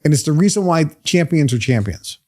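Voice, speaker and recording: A motivational speaker, a man with a fairly high voice that swings widely in pitch. He talks emphatically, pressing his listeners with question after question. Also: expressive, brisk, a little mellow. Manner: emphatic, fires rhetorical questions. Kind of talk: motivational talk to a live group.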